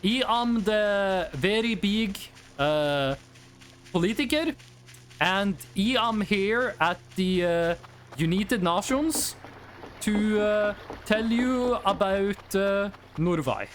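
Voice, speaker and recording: A streamer imitating a stiff, hesitant Norwegian speaking formal school English with a Norwegian accent, full of pauses and "uh". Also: medium pitch, expressive, a little hiss or hum. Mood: halting, formal.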